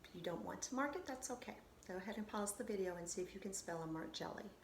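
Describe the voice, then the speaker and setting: A woman's voice: mid-range voice, fast, creaky, reverberant, a little hiss or hum. A woman teacher giving a recorded phonics lesson to children, patiently sounding out syllables and reassuring them.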